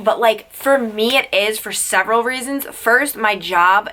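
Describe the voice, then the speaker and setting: A woman's voice: a little high, fairly quick, hardly any pauses, pushed and bright. A tired young woman, a news reporter, chatting casually to her vlog camera and filling her talk with "like.". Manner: chatty, peppered with "like" fillers.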